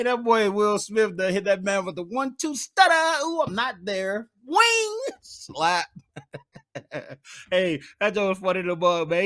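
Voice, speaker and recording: Male podcast host, high bright voice, casual and hyped, keeps saying "man". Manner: animated, hypes himself up, says "man" a lot. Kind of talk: solo podcast monologue.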